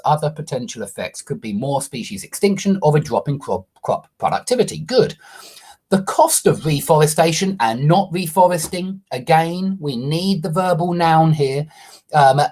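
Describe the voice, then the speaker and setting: Husky-voiced guy teaching english online, pitch bouncing all over, keeps asking yeah?. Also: a little mellow. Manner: explanatory, checks understanding with a questioning "yeah?". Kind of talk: online grammar lesson correcting a student's essay.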